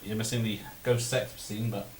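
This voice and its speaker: A man's voice: fairly low pitch, little pitch movement, normal speed. A man hosting a film watch party over a call, chuckling often and making dry, teasing remarks. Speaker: channel host. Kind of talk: casual watch-party chat. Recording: echoey room with faint hiss.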